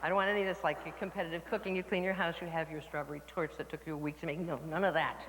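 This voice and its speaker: A woman speaker telling lively stories to a workshop audience, laughing and acting out the people she quotes. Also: sits low, racing. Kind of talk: storytelling talk to a live audience. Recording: reverberant hall with faint noise.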